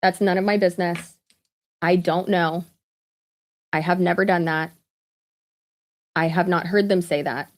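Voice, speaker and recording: A woman's voice: on the low side, steady tone, measured pace, long pauses. A woman, chatting casually on a live stream with lots of asides, fillers and laughter. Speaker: vlogger.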